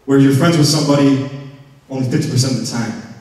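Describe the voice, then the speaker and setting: A man with an American accent, a motivational speaker telling a lively story to students in a school auditorium and acting out the scenes as he talks. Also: medium pitch, fast talker. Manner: animated and playful, acting out scenes. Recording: echoey hall from far off.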